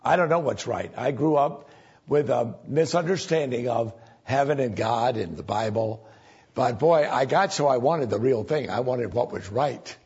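A man preaching a sermon in a gravelly, husky voice that sits a little high. His delivery is folksy and conversational and often leaps up for emphasis. The recording sounds muffled and lo-fi, like an old church tape. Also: normal speed, darkish tone.

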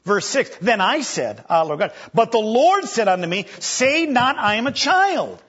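A man preaching an animated sermon, acting out scripture voices and stammering for effect. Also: very high-pitched, measured pace, slightly rough. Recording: dull lo-fi recording.

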